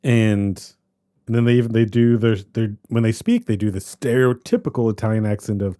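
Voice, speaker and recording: A man co-hosting a podcast, chatting casually about a movie in a rambling, animated way that keeps trailing off and restarting. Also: on the low side, moderate pace. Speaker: podcast co-host. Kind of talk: casual movie review chat.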